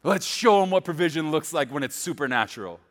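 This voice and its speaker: A preacher voicing God as a jovial commander, grand and boisterous. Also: male voice, fairly high pitch, lively intonation, brisk, fairly bright tone.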